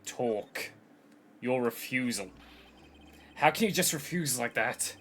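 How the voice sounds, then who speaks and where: A man's voice: medium pitch, expressive, slow pace, a bit bright, a little hiss or hum. A man as Phoenix Wright, stammering. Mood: pleading. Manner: hesitant, stammering. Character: earnest young male defense lawyer, flustered.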